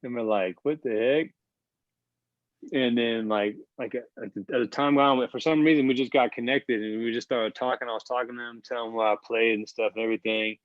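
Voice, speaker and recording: A man's voice: mid-range voice, fairly even intonation, fast talker, hardly any pauses, no room sound. Man in his thirties, rambling storyteller, lots of fillers, profane, dry close sound, muffled lo-fi. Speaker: podcast guest, basketball player. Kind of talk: casual storytelling.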